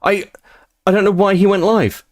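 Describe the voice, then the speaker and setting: A man's voice: sits high, fairly even intonation, normal speed. A man streaming live, ranting casually and profanely about online drama.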